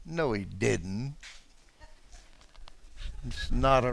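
A pastor preaching a dramatic sermon to his church, dropping to a hush and then rising to shouts, calling out to people in the pews. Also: mid-range voice, a little slow, clean tone. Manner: calls out to congregation members.

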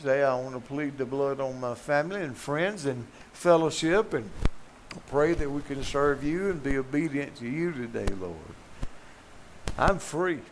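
A man's voice: mid-range voice, slight background noise. An older man with a Southern US accent preaching a folksy, joking sermon with emphatic peaks.

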